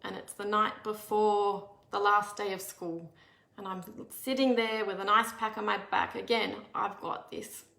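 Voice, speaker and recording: A woman, telling a personal story. She speaks earnestly and candidly, often restarting her sentences. Her voice sits at an ordinary middle pitch in a noticeably echoey room. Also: steady tone, moderate pace, creaky, sharp tone.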